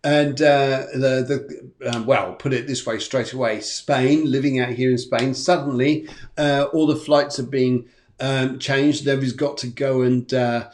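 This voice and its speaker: A man's voice: mid-range voice, fairly even intonation, unhurried, a little mellow, a little hiss or hum. A middle-aged man hosting a live show as a medium, chatting loosely with viewers, reading out their comments and greeting them, with many fillers and repeats. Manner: chatty, rambling, full of fillers and repeated phrases. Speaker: host and medium. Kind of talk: casual live-stream chat. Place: home studio in Spain.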